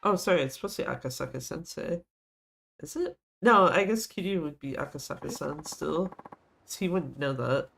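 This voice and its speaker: A man's voice: on the high side, lively intonation, moderate pace, creaky, fairly bright tone, husky, faint music behind. Casual swearing male streamer. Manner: casual, swears, laughs at the story. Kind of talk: casual gameplay commentary and reading subtitles aloud.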